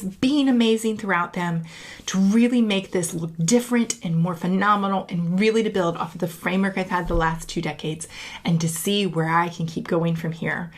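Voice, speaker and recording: A woman's voice: mid-range voice, fairly bright tone. A woman in her late thirties, a leadership coach, talking in an upbeat, emphatic, chatty way in a casual reflective monologue to camera. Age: late 30s.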